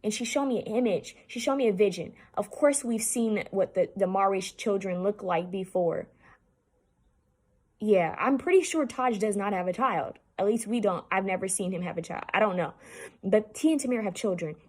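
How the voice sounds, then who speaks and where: Woman, spiritual medium, husky breathy voice, halting, repetitive, earnest delivery. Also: mid-range voice, darkish tone. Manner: halting, repetitive, earnest, addresses viewers directly. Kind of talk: channeled spirit reading to camera.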